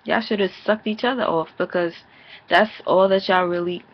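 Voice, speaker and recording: A woman casually recapping a reality TV episode, blunt, sassy and profane, slipping into quick impressions of the cast. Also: fairly low pitch, lo-fi sound. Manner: blunt, sassy, profane, mimics cast members in animated bursts. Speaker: TV episode reviewer.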